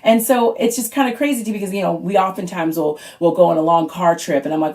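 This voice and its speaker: A woman in her thirties doing a stand-up comedy monologue at home, chatty and animated, sometimes squeaking out her kids' lines. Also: quick pace, hardly any pauses. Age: 30s. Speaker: stand-up comic auditioning.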